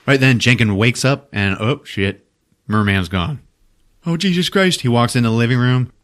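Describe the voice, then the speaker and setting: A man casually recapping a film for a podcast, swearing often, laughing and acting out quick character bits. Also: mid-range voice, fairly bright tone. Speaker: podcast host.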